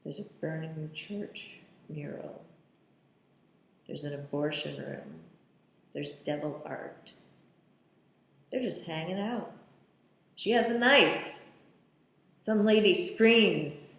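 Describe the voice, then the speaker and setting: A woman's voice: low voice, slow pace, vocal fry, pauses often, echoey room, slight background noise. A woman giving a casual running commentary on a film, describing scenes and throwing in wry, sarcastic asides.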